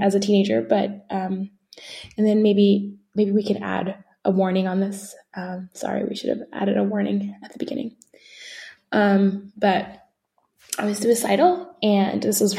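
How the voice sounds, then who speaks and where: A woman's voice: mid-range voice, creaky, mellow. A woman co-hosting a podcast, telling a candid personal story in a casual way with frequent fillers and asides. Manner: conversational, many fillers and asides. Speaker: podcast co-host.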